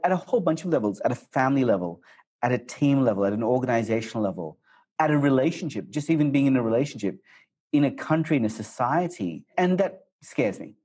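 A man in his forties, raised in Australia, talking as a guest in an interview in an excitable, animated way. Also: mid-range voice, breathy edge. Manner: excitable, quick, animated storyteller. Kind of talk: casual interview talk.

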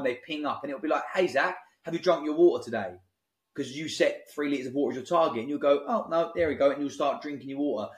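A man, a guest on a podcast, talking in a blunt, forceful, preachy, motivational way. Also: mid-range voice. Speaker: app founder guest. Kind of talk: podcast interview. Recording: roomy echo.

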